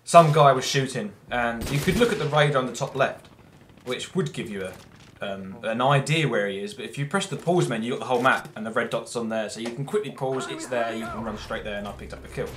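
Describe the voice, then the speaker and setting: A young Englishman commentates his own gameplay, chatting casually, rambling, and poking fun at himself. His mid-range voice is brisk and fairly bright, with a little hiss or hum in the recording.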